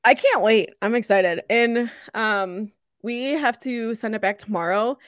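A woman's voice: on the high side, unhurried, no room sound, clean studio sound. Chatty young woman podcast host. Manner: chatty, laughs often, lively storytelling. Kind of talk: casual chat.

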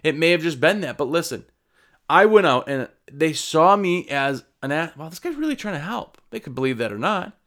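A man's voice: on the high side, big pitch swings, moderate pace, a bit bright. A man who runs a window cleaning business, giving casual sales advice to camera and acting out exchanges with customers. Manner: conversational, acts out customer exchanges.

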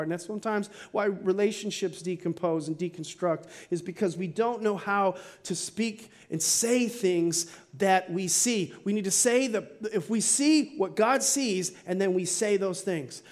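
A middle-aged male pastor preaching a sermon to his church, earnest, with slow emphatic stretches and quick asides. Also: high-pitched. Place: church sanctuary.

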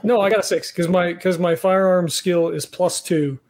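A man's voice: sits high, steady tone, normal speed, background noise. A man playing in a tabletop role-play game, talking eagerly with casual profanity. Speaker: player.

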